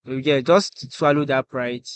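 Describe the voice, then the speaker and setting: A man's voice: mid-range voice, fairly even intonation, measured pace, clean tone, dry recording. A Nigerian man sits in as the guest musician on a podcast and talks in an earnest way. He keeps tagging "you get" onto his points, and his voice sits in the middle range. The recording is close and dry. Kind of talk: casual podcast chat.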